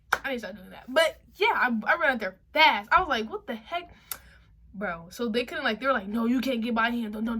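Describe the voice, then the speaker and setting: A young woman vlogger telling a story in a casual, slangy way, acting out what people said. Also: a little high. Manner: animated, slangy, acts out quotes.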